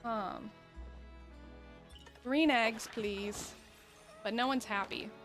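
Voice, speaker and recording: A female gaming streamer chats casually over her gameplay, rambling, laughing often and talking to viewers. Her voice is a little high and a bit bright, extremely slow, with faint music behind.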